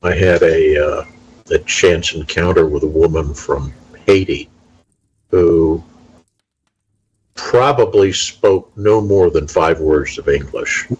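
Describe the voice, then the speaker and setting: A middle-aged man in casual conversation, telling stories in a measured, unhurried way. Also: sits low, darkish tone, slightly rough, highs cut off. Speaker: talk show participant. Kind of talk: casual chat.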